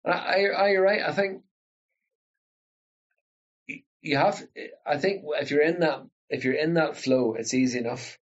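A man from Northern Ireland with an Ulster Scots accent, chatting casually and telling animated stories. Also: on the high side, unhurried, pauses often, lo-fi sound. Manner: animated storyteller, breaks into local voices. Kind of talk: casual chat.

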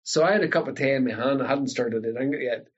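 A man with an Ulster Scots accent, chatting and telling lively stories, acting out the voices of family and neighbours. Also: mid-range voice, quick pace, breathy edge. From Northern Ireland. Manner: animated storyteller who acts out family voices. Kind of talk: casual storytelling chat. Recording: dull lo-fi recording.

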